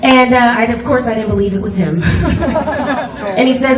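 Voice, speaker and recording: A woman bass player telling a story to a concert audience from the stage, laughing often as she talks, recorded from far off in an echoey venue with the crowd behind her. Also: moderate pace, long pauses. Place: live music venue on stage.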